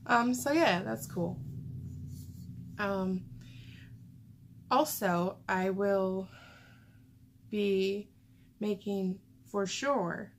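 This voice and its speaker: A woman's voice: medium pitch, extremely slow, pauses often. A woman vlogger rambling casually to camera in a chatty way, full of fillers.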